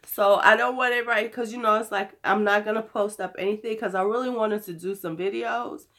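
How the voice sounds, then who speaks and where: Hoarse woman in her fifties, blunt casual beauty vlogger. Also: medium pitch, fairly even intonation, a little fast, fairly bright tone. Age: 50s. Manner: blunt, cursing, chatty. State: hoarse from illness. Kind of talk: casual chat to camera.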